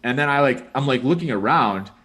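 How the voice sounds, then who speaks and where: A man's voice: mid-range voice, expressive, fairly quick, fairly bright tone. A young man, a podcast host, telling a long rambling story in casual chat, full of "like" and "dude".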